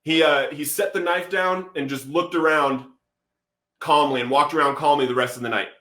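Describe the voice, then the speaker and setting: A man with a slightly high voice tells his story as a podcast guest. He is animated and acts out what people said. He drops "bro" between phrases, and the room echoes around him. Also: moderate pace. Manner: animated, acts out quotes, says "bro" often. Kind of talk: storytelling testimony.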